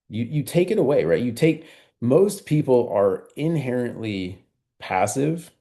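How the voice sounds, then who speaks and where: Male sales trainer with a low, dark, gravelly voice; calm, metronome-steady coaching over a video call. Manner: measured, steady pace with frequent "right?" and "like".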